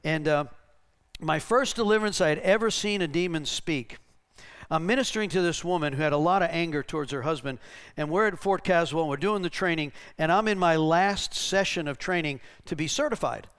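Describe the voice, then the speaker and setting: A man's voice: on the high side, fairly quick, a bit bright, smooth. A man preaching in a church, telling stories conversationally and checking in with "right?" while acting out voices. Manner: conversational, tags lines with "right?", acts out the voices in his stories. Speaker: pastor. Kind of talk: sermon teaching with anecdotes.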